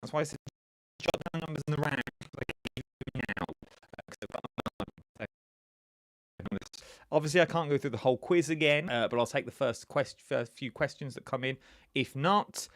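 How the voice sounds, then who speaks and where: A man's voice: fairly high pitch, normal speed, pauses often, fairly bright tone, slight background noise. A man hosting a live-streamed quiz, talking to viewers in a chatty, rambling way with lots of asides. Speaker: quiz host.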